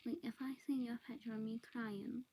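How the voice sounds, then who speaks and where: Woman vlogger, confessional, half-whispered, gravelly and breathy. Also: a little high, fairly even intonation, brisk, poor audio. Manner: soft, often whispered, hesitant. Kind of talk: confessional monologue to camera.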